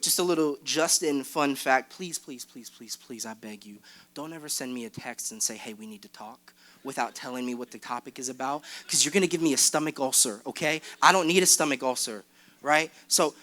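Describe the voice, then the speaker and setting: A man's voice: on the high side, a bit bright. A young man, a youth pastor, preaching a candid sermon that builds into fervent exhortation from a church stage. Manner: candid, self-deprecating, rising to fervent exhortation.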